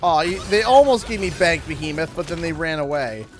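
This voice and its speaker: A man from Canada hosts a gaming livestream in a slightly high voice, wandering through his ideas with constant fillers and false starts. When donations come in he turns loud and excited. Faint music plays underneath. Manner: rambling, halting, many fillers and restarts. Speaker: livestream host.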